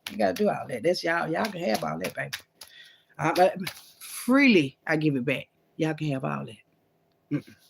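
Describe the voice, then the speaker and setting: Gravelly woman rambling to her viewers. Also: medium pitch. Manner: loose, profane, talks straight to viewers. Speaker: vlogger. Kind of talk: casual rambling spiritual monologue.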